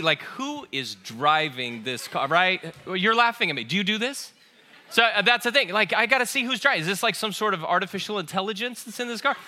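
A man's voice: high voice, sharp tone. A man preaching a sermon and telling funny stories, talking straight to a live congregation in a church. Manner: humorous storytelling, talks to the congregation directly. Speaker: pastor. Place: church auditorium with a live audience.

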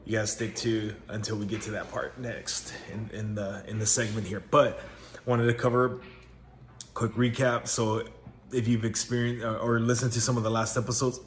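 A man rambles through a casual home podcast, full of fillers and restarts. His voice sits low and stays flat in tone. A faint hum of laundry machines runs behind him. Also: moderate pace. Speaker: podcast host. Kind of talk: casual solo podcast chat. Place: home laundry area, washers running. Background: dryer noise.

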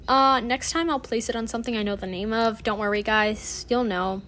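A young woman with a slightly high voice chats casually into a phone propped up at home. She rambles and giggles, gushing with plenty of fillers as she hosts her own little podcast. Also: steady tone, normal speed, hardly any pauses, fairly bright tone. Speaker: solo podcast host.

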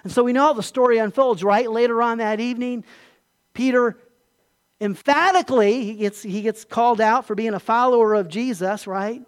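A man's voice: very high-pitched, moderate pace. A man delivering an emphatic sermon as a pastor, often asking his listeners questions. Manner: emphatic, asks the congregation questions.

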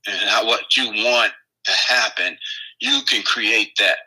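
A man co-hosting a casual spiritual podcast, thinking aloud in halting phrases with many fillers and restarts. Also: on the low side, steady tone, pushed and bright, low-quality recording. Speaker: podcast co-host.

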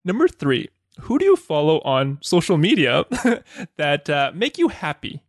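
A man hosting a podcast, cheerful and encouraging as he puts questions to his guest. His voice sits a little high and swings lively up and down. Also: a little slow. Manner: upbeat and encouraging. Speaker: podcast host.

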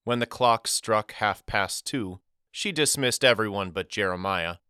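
Bright, crisp male audiobook narrator. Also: lowish voice, no room sound, clean studio sound. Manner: wry, measured storytelling. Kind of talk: scripted first-person narration.

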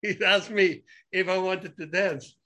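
A man with a fairly high, bright, forceful voice tells stories in a relaxed conversation. He is animated and often restarts his sentences or repeats words as he goes. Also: unhurried. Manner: animated, acts out both sides of conversations. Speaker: guest telling stories. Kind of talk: casual conversational storytelling.

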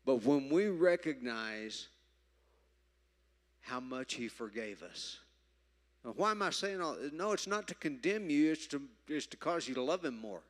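A man preaching a sermon, emphatic, moving from loud stresses to quiet asides. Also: on the high side, expressive, measured pace. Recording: reverberant hall.

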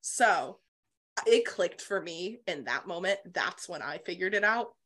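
Animated woman retelling a novel. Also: lowish voice, a little slow. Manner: animated retelling, swears freely. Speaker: podcast co-host. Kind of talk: casual book-club chat.

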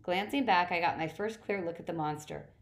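A woman reading a first-person story aloud, steady, with occasional slips and restarts. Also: lowish voice, a little fast. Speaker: audiobook reader.

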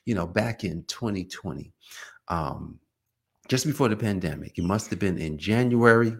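A man's voice: low-pitched, animated, normal speed. A man hosting a podcast, giving an emphatic motivational talk in his own words, repeating key points and often restarting sentences. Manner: emphatic and repetitive, with frequent restarts; self-described emotional. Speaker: podcast host.

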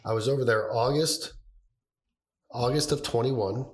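A man co-hosting a podcast in casual chat, rambling and halting as he talks, with a cough that keeps breaking in. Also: mid-range voice. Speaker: podcast co-host.

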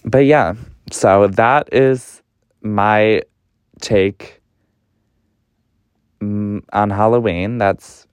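A young man hosting a podcast, telling a story casually in an animated, gossipy way, swearing a lot and often jumping up in pitch. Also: very slow, pauses often, clean tone, dry recording. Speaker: podcast host.

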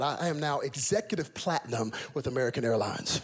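A man preaching a sermon, telling comic stories and swinging from soft talk to loud, sung-out phrases. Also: medium pitch, animated, quick pace, few pauses, breathy edge.

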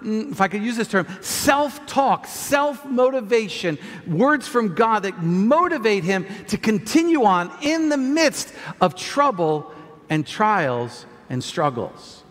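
A man preaching a sermon as a pastor, stumbling over repeated words, shouting at times and reading scripture quietly at others. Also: sits high, big pitch swings, slow pace, in a large hall.

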